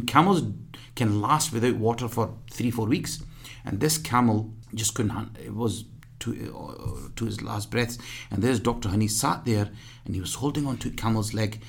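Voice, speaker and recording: Male interview guest, gravelly and low, earnest storyteller who stumbles and restarts. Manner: earnest, halting with many restarts. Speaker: charity fundraiser, guest.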